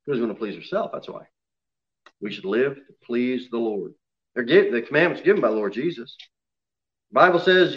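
A man's voice: medium pitch, expressive, brisk, highs cut off. A man preaching a sermon to his congregation in an emphatic way, often asking them questions. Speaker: pastor.

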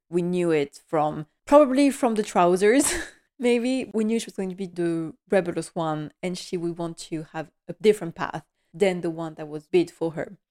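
A woman's voice: fairly low pitch, dark tone. Chatty woman recapping a TV episode. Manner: chatty and enthusiastic, laughs often, paraphrases scenes. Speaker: podcast host.

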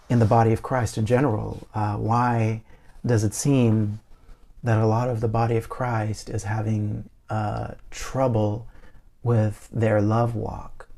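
A man delivers a relaxed, chatty sermon with a gravelly, fry-laden voice that sits warm and dark. He stumbles over repeated words and keeps saying "man" and "you know" as he talks to his listeners. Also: medium pitch. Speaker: preacher. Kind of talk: casual sermon.

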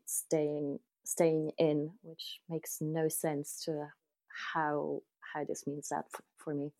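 A woman hosting a casual interview, asking relaxed questions and laughing along with her guest. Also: deep voice.

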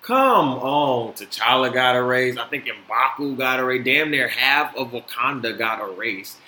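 A man hosting a casual solo podcast, animated and swearing freely with many fillers. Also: mid-range voice, a little slow. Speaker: podcast host. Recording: echoey room, faint noise.

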